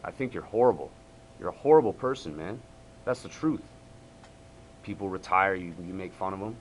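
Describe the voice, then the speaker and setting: A man's voice: low-pitched, animated, moderate pace, slight background noise. Heated man ranting straight to camera. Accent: Canadian. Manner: heated, repetitive, stumbling restarts. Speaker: MMA store owner and vlogger. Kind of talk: angry direct-to-camera rant.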